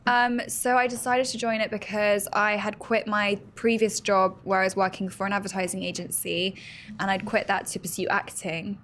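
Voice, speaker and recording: Young woman on a podcast, blunt and candid, swears casually, normal pitch. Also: level tone, moderate pace, fairly bright tone, a little hiss or hum. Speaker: podcast guest. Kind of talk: casual interview chat.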